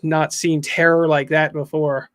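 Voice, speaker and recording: A man's voice: on the high side, little pitch movement, measured pace, fairly bright tone. A man casually reading through a comic book on a podcast, with amused asides. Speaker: podcast host.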